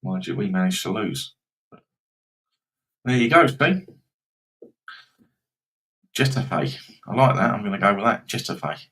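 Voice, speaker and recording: A man's voice: fairly low pitch, expressive, moderate pace, long pauses, a bit bright, poor audio. A man hosting a live betting stream, rambling casually and reacting to football scores and viewers.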